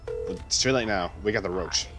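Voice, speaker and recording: A man's voice: low voice, brisk. A man co-hosting a casual let's play stream, teasing his partner and laughing easily. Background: game music.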